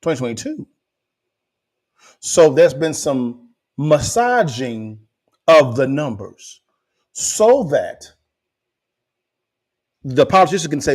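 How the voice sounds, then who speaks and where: A man hosting a podcast, giving animated commentary to viewers and repeating phrases for emphasis. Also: a little high, slow pace, pauses often. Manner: emphatic, repeats phrases, rises to near shouting. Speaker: podcast host.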